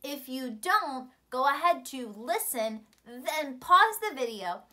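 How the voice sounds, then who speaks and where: A woman teacher with a high, bouncy voice that swoops up and down as she leads a storytime lesson for young kids. Her tone is bright and crisp, full of encouragement and praise. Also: takes it slowly. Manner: animated, encouraging, speaks to young children. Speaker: primary school teacher.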